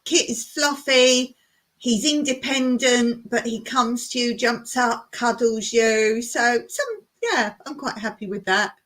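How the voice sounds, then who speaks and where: A woman's voice: a little high, takes it slowly, fairly bright tone. A woman hosting a casual live chat, reading viewer comments aloud and laughing often as she talks. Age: older. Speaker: live stream host.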